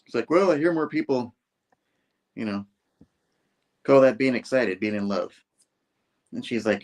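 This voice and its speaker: A man's voice: mid-range voice, animated, measured pace, long pauses, a little mellow. A man casually retelling a comic book scene by scene, acting out the characters' lines in loose voices. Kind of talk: casual chat.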